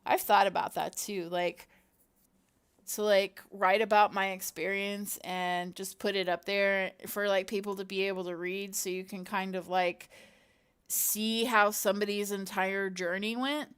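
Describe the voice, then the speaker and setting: This middle-aged content creator's mid-range voice is steady, unhurried, fairly bright, clear and resonant. She chats casually to her viewers as she works at her computer at home with her cat nearby, rambling, talking to herself, and using many fillers.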